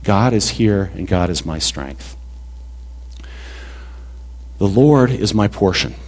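A man's voice: on the low side, expressive, takes it slowly, darkish tone, breathy edge. A male pastor preaching a sermon in a conversational, folksy way, with asides and repeated words.

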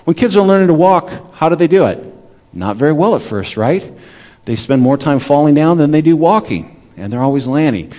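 A man's voice: fairly high pitch, lively intonation, a little fast, warm tone. A man in his forties, a pastor, preaching a sermon in a conversational way and often checking in with the congregation.

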